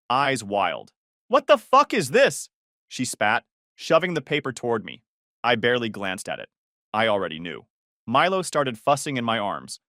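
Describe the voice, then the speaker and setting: Brief: male narrator, tense confessional story read, animated intonation. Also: mid-range voice, dry recording, studio quality. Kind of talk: first-person story narration.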